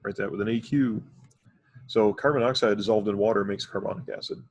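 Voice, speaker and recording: A man's voice: lowish voice, steady tone, fairly quick, husky, no echo. A man teaching a chemistry lesson, explaining methodically step by step with occasional fillers. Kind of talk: recorded classroom lecture.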